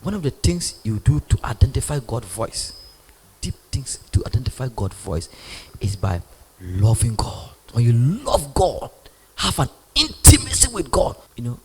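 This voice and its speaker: A man preaching a sermon, animated, swinging from loud bursts to near whispers. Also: medium pitch, a little slow, breathy edge. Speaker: prophet preaching. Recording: long hall reverb.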